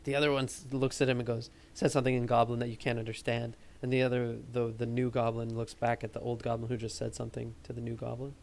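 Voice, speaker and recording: A man narrating as game master, describing scenes in a relaxed, rambling way. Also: mid-range voice, fast talker, gravelly, hardly any pauses.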